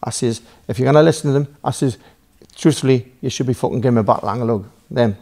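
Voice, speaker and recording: A man's voice: medium pitch, fast talker, vocal fry, darkish tone. A man with a Geordie accent, a podcast guest telling a long story with lots of swearing, rambling asides and acted-out back-and-forth dialogue. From Newcastle, England. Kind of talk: casual storytelling.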